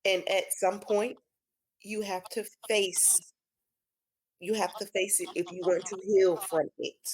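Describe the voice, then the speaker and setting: Woman guest, measured and earnest, mid pitch. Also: fairly even intonation. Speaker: podcast guest. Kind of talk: conversational discussion.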